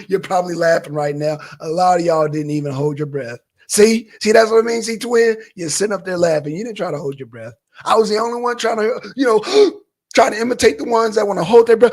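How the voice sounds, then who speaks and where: A man doing loud, animated political commentary on a live stream, with theatrical gasps and mock panic. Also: high voice, a little fast. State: dizzy, out of breath after holding breath. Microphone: camera mic.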